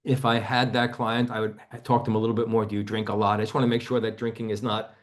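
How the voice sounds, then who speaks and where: A man with a fairly low voice speaks fast and in a level tone while teaching a seminar. Over video call he gently leads a volunteer through a body-focused therapy exercise, often falling to a hush.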